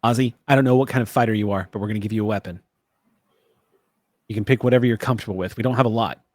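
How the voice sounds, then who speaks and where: A man's voice: lowish voice, racing, dry recording, studio quality, close to an everyday voice. A man voicing a tough, blunt female camp boss who swears a lot. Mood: gruff.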